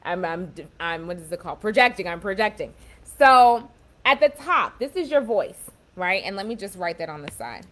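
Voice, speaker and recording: A young woman giving a casual motivational talk, emphatic and warm, often repeating and restarting her phrases as she explains. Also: medium pitch, lively intonation, normal speed. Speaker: self-empowerment speaker.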